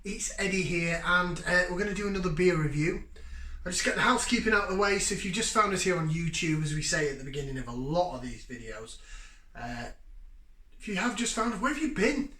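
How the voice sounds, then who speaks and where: Bright, chatty man in a roomy room. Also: high voice. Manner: chatty, jokey, with lively bursts of enthusiasm. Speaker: beer review channel host. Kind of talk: casual beer review chat. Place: home room, indoors.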